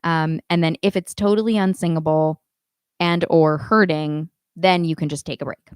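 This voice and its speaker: A woman teaching a live online singing class, giving calm instructions and demonstrating warmup sounds herself. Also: deep voice, moderate pace. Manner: coaching, demonstrates vocal exercises between instructions. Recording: dry close sound with faint piano.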